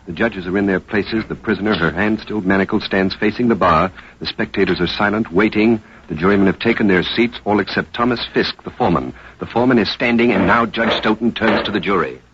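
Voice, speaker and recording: An actor playing a radio reporter who describes a courtroom scene live in steady, vivid narration, on an old radio drama recording. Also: male voice, lowish voice, fairly quick, breathy edge. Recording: dull old radio broadcast over crowd noise.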